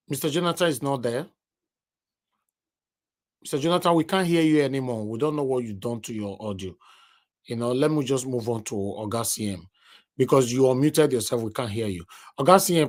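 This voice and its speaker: A Nigerian man hosting a live-stream panel over a video call, courteous and brisk as he calls on speakers. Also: medium pitch. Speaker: host.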